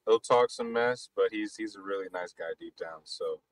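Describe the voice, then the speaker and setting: A man hosting a casual live basketball chat, talking fast and loosely with frequent restarts. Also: on the low side, dry recording, low-quality recording. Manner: rapid, loose talk with many restarts. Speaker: podcast host.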